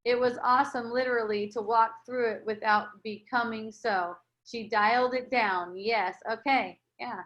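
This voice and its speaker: A woman leading a casual spiritual dialogue, speaking gently and reassuringly with many restarts. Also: fairly high pitch, fairly even intonation, moderate pace, hardly any pauses, muffled recording. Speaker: spiritual teacher.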